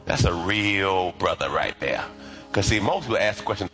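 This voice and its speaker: A middle-aged man preaching a sermon, animated and calling on the congregation to repeat after him. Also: fairly low pitch, brisk, faint music behind. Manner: lively, animated preaching with call-and-response. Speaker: pastor.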